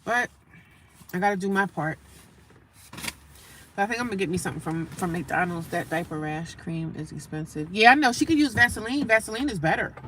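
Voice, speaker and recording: A woman livestreaming casual talk from her daily life, animated and emphatic, repeating her points and breaking off to greet passersby. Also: lowish voice, brisk, slight background noise. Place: homeless shelter area.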